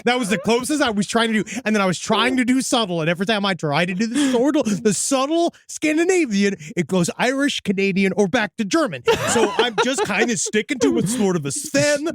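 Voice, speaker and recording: A man's voice: high-pitched, expressive, fairly quick, hardly any pauses, crowd noise. A man co-hosting a podcast, reacting in an emphatic, exasperated, casual way, with many fillers, recorded in a studio. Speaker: podcast co-host. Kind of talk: animated casual commentary.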